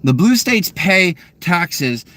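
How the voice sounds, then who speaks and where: A man in his car fields live chat questions through an angry, profane rant that swings from loud eruptions to quiet muttering. His delivery is slow, with a sing-song lilt.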